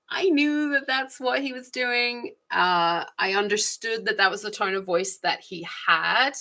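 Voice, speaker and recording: A woman muses aloud about her own experiences in a relaxed, personal vlog. Her voice sits a little low yet sounds bright and forward. She talks chattily, her speed shifting and small laughs slipping in between thoughts. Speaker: vlogger. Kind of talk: casual reflective monologue.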